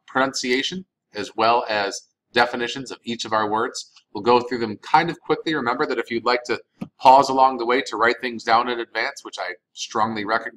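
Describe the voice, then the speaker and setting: A man's voice: medium pitch, fairly bright tone, low-quality recording. A man, recording a Spanish vocabulary lesson as the teacher, patiently saying each word and repeating it for practice.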